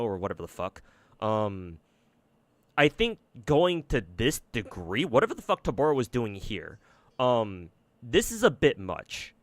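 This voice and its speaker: A man's voice: medium pitch, big pitch swings, unhurried, dry recording. A man streaming and giving casual commentary on games, rambling and swearing a lot, with many fillers and restarts. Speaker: gacha game streamer.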